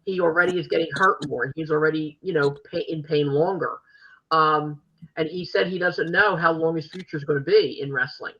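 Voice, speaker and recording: An older woman hosting a podcast, telling stories in an animated, gushing way. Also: low-pitched, brisk, slightly rough, dull audio. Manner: animated, gushing fan storytelling. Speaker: podcast host. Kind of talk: casual chat.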